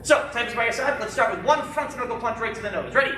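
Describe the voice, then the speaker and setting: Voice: medium pitch, fast, hardly any pauses, distant mic, a little hiss or hum. Echoey martial arts instructor barking drills. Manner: barks sharp commands, jokes between drills. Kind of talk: teaching a live-streamed kids' class. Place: indoor martial arts studio. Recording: very echoey studio heard from afar.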